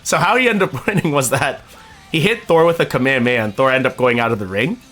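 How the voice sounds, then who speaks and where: A man streaming live, telling a rambling, excitable story and chatting with his viewers, his voice a little worn from a convention. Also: mid-range voice, fast talker, faint music behind. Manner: excitable, rambling storyteller who addresses chat. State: voice recovering from a convention. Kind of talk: casual live-stream chat.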